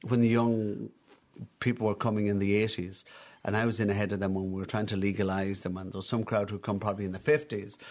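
Deep-voiced Irish man telling stories. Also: flat delivery, fast, a little mellow. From Ireland. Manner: talkative, anecdotal, frequent restarts. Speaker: interview guest, emigrant bar owner. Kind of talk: reminiscing conversational storytelling.

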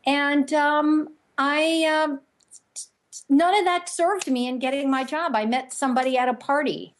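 A woman, a media expert, telling stories in an interview with lively energy. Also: on the high side. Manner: animated storyteller, energetic. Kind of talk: interview conversation.

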